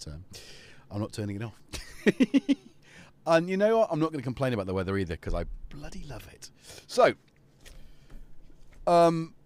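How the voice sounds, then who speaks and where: Lively man chatting on stream. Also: sits low, slight background noise. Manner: rambling, chatty, talks to his cat and viewers. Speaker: live-stream host. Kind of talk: casual live-stream chat.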